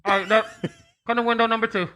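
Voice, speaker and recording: A man putting on a rude high-voiced drive-thru worker. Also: fairly even intonation, bright, forceful tone. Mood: rude, impatient. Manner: curt, cursing, fast-talking.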